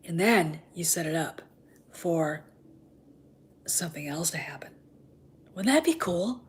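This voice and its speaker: A woman's voice: lowish voice, expressive, a little slow, breathy edge. A woman hosting a fan show in casual chat, rambling and often dropping into whispers.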